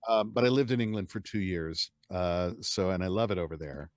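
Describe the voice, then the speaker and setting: A man's voice: low voice, fairly quick, no room sound, studio quality. An American man, a guest and audiobook narrator, talking casually and with animation in an interview. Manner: animated, chatty storyteller who laughs easily.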